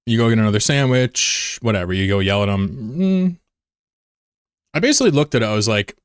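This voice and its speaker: A young man telling a story in casual, self-mocking chat, animated as he retells it. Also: on the low side, fast talker, clean tone, no echo, clean studio sound. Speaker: streamer. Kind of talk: casual storytelling while gaming.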